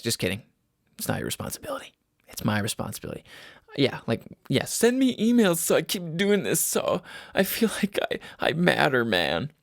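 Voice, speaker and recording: A man's voice: medium pitch, a bit bright, no room sound, studio quality. A young man hosting a casual solo podcast, rambling and swearing, laughing at himself. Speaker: podcast host. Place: a home room.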